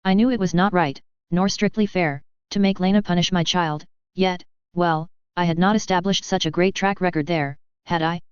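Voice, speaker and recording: A woman reads a first-person story in an even, measured way. Her voice is low and very smooth, and the recording is dry and a little dull. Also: dry recording. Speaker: audiobook reader.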